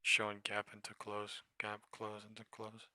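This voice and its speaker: A man streaming his live day trading, muttering profanely and anxiously to himself, with sudden shouts away from the microphone. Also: on the low side, completely flat delivery, normal speed, dry recording.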